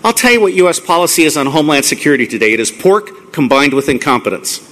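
A middle-aged man giving a live lecture to an audience, blunt and profane, ranting excitedly. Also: on the high side, quick pace, slight background noise. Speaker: conference speaker.

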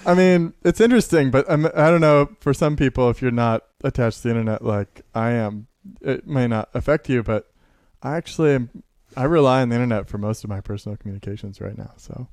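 Animated storytelling man, dry close sound. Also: medium pitch, a little fast, few pauses, dry recording. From Seattle area, US. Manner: animated storyteller, laughs often, acts out quotes. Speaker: teacher and maker, interview guest. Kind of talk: casual conversational interview.

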